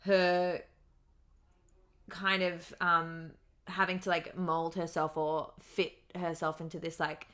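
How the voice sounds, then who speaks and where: A woman's voice: fairly low pitch, little pitch movement, slow pace, a bit bright. An Australian woman co-hosting a podcast, chatty and rambling with many fillers. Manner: chatty, rambling, lots of fillers, laughs easily. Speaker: podcast co-host. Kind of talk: casual chat.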